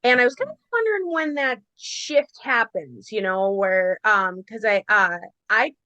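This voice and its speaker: A woman's voice: medium pitch, expressive, unhurried, pushed and bright, dry recording, lo-fi sound. A woman co-hosting a podcast, chatting in a gushing, loose way full of "like". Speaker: podcast co-host. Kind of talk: casual podcast chat.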